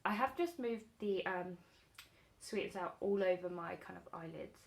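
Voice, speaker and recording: A woman beauty vlogger chatting casually while doing her makeup, telling an animated story full of fillers. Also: lowish voice, moderate pace, gravelly.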